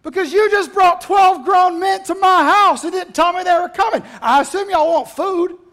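A man voicing an exasperated, overworked woman who whines and complains loudly. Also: extremely high pitch, normal speed, voice pushed up. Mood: sarcastic. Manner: whiny, loud complaining.

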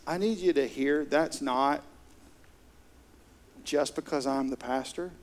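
A man's voice: on the high side, slow pace. A middle-aged man, preaching a sermon as pastor in an earnest, conversational way. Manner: earnest, conversational, with soft laughs.

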